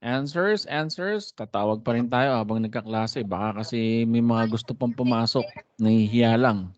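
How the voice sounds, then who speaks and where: A man's voice: fairly low pitch, flat delivery, brisk, darkish tone, no echo. A man with a Filipino accent teaching a Spanish class online from home, chatty and encouraging as he mixes Tagalog and English. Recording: dry, slightly dull lo-fi audio.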